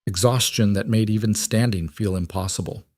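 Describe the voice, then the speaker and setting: Male narrator, scripted story; measured, low, dry. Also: steady tone, darkish tone, dry recording.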